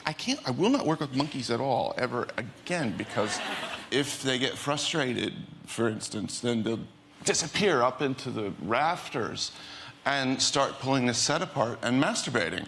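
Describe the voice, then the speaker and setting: A man's voice: medium pitch, animated, normal speed. A man, an actor, telling a blunt comic anecdote as a chat show guest, laughing as he goes. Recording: loud hiss over the voice.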